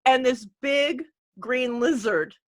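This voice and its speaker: A woman's voice: high-pitched, takes it slowly. A woman hosting a casual group chat, telling a funny story with lots of laughter. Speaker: host.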